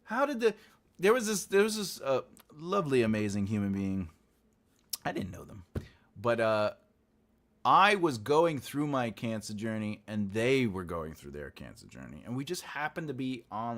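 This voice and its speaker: A man's voice: mid-range voice, very animated, moderate pace, a bit bright. A man hosting a writing livestream, chatting casually and rambling as he reads out and answers chat messages, often laughing.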